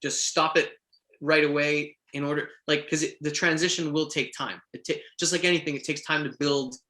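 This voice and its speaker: Bright-voiced man giving career advice. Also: on the high side, fairly even intonation, brisk. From Quebec, Canada. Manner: earnest, encouraging, many restarts. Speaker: voice actor guest. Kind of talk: casual interview chat.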